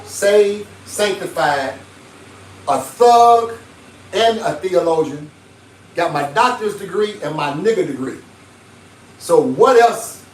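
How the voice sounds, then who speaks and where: A man, a pastor ranting emphatically on a livestream, swinging between shouting and low muttering. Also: roomy sound, far from the mic, slight background noise, poor audio. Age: 50s. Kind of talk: livestream preaching rant.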